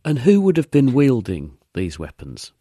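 A man interviewing a researcher, asking calm, probing questions. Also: mid-range voice, normal speed, slightly rough, no room sound, studio quality.

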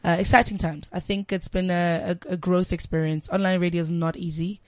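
A woman's voice: fairly low pitch, flat delivery, fairly quick, darkish tone, dry recording. A woman in her twenties, a presenter chatting as a guest in a casual interview. She laughs often and repeats words as she gets going. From South Africa. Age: 20s.

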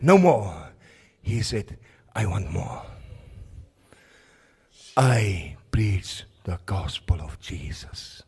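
A South African man preaching with a deeply raspy, gravelly voice, fervent and emphatic. He draws out his words slowly as he gives his testimony. The sermon is delivered at a prison service. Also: very animated, a little mellow.

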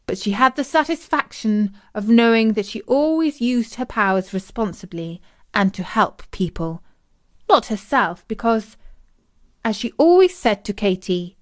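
A woman's voice: a little high, lively intonation, a little slow. Woman reading a children's story. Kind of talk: scripted children's story narration.

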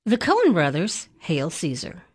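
A woman co-hosting a film review podcast, chatting in a playful way with quick asides. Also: lowish voice, huge pitch swings, breathy edge. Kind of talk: casual chat.

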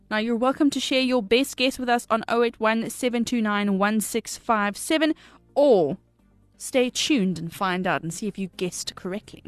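A woman's voice: fairly high pitch, no room sound, soft background music. A young South African woman co-hosting a youth radio show, chatting casually and reading out a quiz. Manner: chatty, quick asides, slows to read quiz options. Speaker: radio co-host.

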